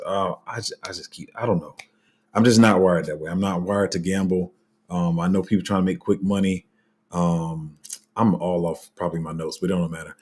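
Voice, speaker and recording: A man with a deep, husky voice talks casually to his viewers. His delivery is loose and rambling, with many fillers and restarts, and his phrasing is blunt and street-casual. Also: fairly even intonation, moderate pace, a little mellow. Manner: rambling, loses his place, heavy fillers. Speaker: crypto channel host. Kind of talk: casual unscripted commentary.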